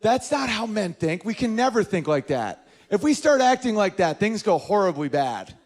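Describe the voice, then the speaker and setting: Stand-up comedian, man in his thirties, lively and a touch high-voiced. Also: moderate pace. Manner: animated, jumps into high-pitched character voices.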